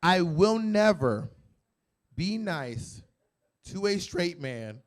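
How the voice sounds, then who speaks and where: Man comic, brash and boastful, higher voice, club stand-up. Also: very animated, extremely slow. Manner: brash, boastful and blunt, with sudden loud jumps. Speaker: stand-up comedian. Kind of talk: stand-up comedy with audience Q&A. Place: comedy club in San Diego.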